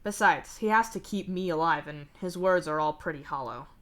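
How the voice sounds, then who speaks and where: A woman reading the lines of a sardonic, profane young man in a live fanfic reading, with a wry, deadpan delivery. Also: low-pitched, normal speed. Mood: candid. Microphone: streaming mic.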